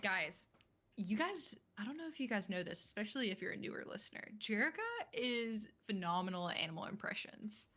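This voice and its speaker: Bright, lively, giggly woman co-host. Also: medium pitch, brisk. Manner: giggly, teasing banter. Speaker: podcast co-host reading chat. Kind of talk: casual chat.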